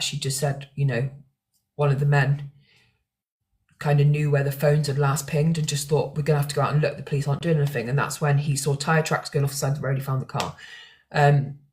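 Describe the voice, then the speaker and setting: Emotional young woman rambling. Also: deep voice. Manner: emotional, rambling with restarts and fillers. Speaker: true crime content creator. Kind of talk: casual talk to camera.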